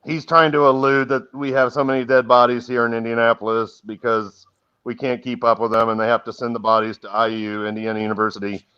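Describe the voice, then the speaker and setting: A man's voice: medium pitch, clean tone. Chatty middle-aged man, dull audio. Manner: chatty, laughs easily, talks fast when excited. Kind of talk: casual livestream chat.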